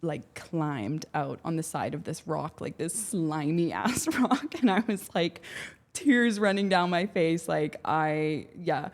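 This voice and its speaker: Guesting on a podcast, a young woman from Canada chats her way through a story, full of fillers and performed character voices. Her voice sits low, with lively intonation and a slow pace.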